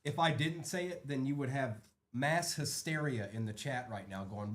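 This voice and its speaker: A man's voice: medium pitch, normal speed. A man hosting a live card break, chatting casually and rattling off names as he opens packs.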